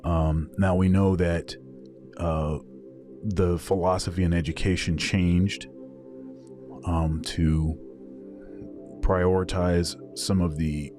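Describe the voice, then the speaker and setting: A man with a deep, dark, mellow voice talks in a measured way, often pausing to find his words. Faint music sits behind him. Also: level tone. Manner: measured, searching for words with many pauses. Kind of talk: casual conversation.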